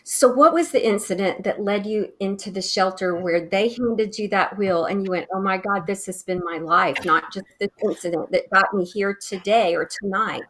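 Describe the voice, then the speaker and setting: A woman with a mid-range voice hosts a podcast interview. She asks her questions gently and attentively. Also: mid-range voice, moderate pace, hardly any pauses, poor audio. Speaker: podcast host.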